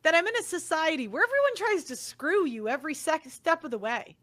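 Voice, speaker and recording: A woman's voice: high-pitched, animated, fairly quick, fairly bright tone. A young woman giving an angry, blunt monologue, swearing often as she vents. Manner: blunt, profane and heated. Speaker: commentator.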